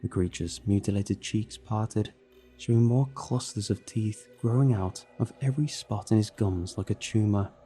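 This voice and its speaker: Low dark-voiced man narrating horror. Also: moderate pace, soft background music. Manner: steady dramatic storytelling. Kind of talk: scripted narration.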